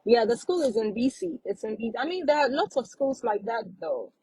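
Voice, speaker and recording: Female live-stream host, casual advice chat; warm, husky voice, dry close recording. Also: on the high side, expressive, a little fast, dry recording, low-quality recording. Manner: chatty, repeats points for emphasis.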